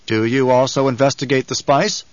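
A man's voice: mid-range voice, steady tone, moderate pace, dry recording, lo-fi sound, natural voice. A man voicing a confident nobleman in an audiobook, firm and probing in how he talks. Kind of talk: audiobook character reading.

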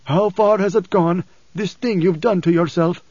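A man's voice: sits high, steady tone, normal speed, a little mellow, no room sound, dull audio, pitched above the performer's own voice. A man voicing a bitter old blind preacher. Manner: pleading, tense, raised. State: hoarse.

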